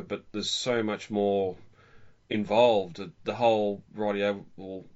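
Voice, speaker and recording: A man co-hosting a podcast, chatting casually and rambling with restarts. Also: fairly low pitch. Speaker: podcast co-host. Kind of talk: casual film discussion. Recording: dull lo-fi audio.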